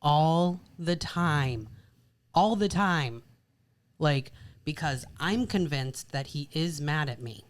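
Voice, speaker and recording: Slow-paced and low-pitched, this woman co-hosting a marriage podcast talks with lively intonation. Her casual, chatty style keeps circling back to "like" and "literally."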